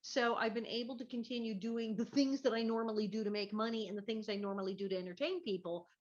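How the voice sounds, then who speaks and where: A woman's voice: a little high, fairly even intonation, quick pace, dull audio. Chatty self-mocking woman comedian. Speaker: guest, actor and comedian. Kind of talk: casual video chat. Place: her living room at home.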